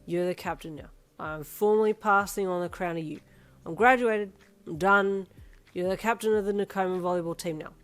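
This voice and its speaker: A woman voicing a drunk, boastful young team captain who slurs and shouts. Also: lowish voice, steady tone, fairly quick, no room sound, close to an everyday voice. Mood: solemn drunk. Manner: slurring, loud and swaggering.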